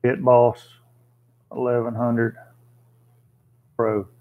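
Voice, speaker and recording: The audio has a phone-quality sound, carrying a man's mid-range voice delivered completely flat and very slowly. As a livestream host, he chats plainly with viewers, reads their comments, and thinks out loud with fillers.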